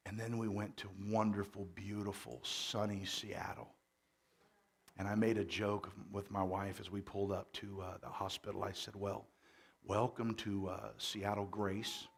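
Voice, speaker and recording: A middle-aged pastor with a drawl tells stories from the pulpit in a casual, joking way, full of little fillers and restarts. His voice sits low, with a gravelly edge. He sounds like he's chatting with his church. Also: little pitch movement, normal speed. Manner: folksy storytelling with jokes and fillers; louder and more forceful after the mic change. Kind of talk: conversational sermon.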